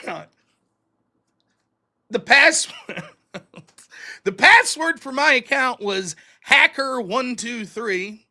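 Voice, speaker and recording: A man hosting a live stream, telling a story in a casual, animated, profane and self-mocking way. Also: very high voice. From United States. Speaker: streaming show host.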